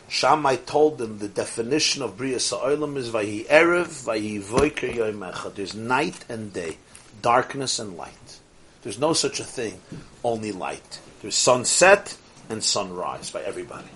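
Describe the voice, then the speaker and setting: A man teaching a Torah lecture as a rabbi. He mixes Yiddish and Hebrew terms into his English and swings from soft asides to rising exclamations. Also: mid-range voice, slight background noise.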